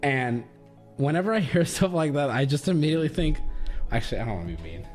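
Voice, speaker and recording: A man's voice: a little high, expressive, quick pace, a little mellow, faint music behind. A man streaming, chatting casually in a rambling, profane way and laughing often.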